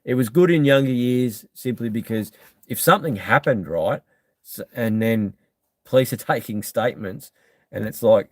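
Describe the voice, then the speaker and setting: A man's voice: mid-range voice, moderate pace, dry recording. An Australian man hosting a live stream, chatting casually and bluntly as he reads out and answers viewer comments, with lots of ums.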